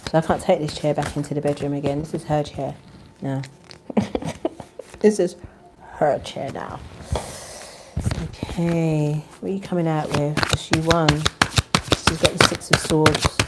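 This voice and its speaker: A woman hosting her own spiritual channel. She chats casually with viewers and leads a spoken prayer, keeping her voice soft and low. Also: heavy background noise. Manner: deliberately soft, low-volume talk; chatty and animated, with bursts of laughter. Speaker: spiritual channel host and tarot reader.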